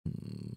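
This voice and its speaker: A man reading a webcomic aloud with commentary, halting and repeating words, muttering and correcting himself as he goes. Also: mellow, dry recording, studio quality. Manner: mutters and self-corrects in a low voice. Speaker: read-along host.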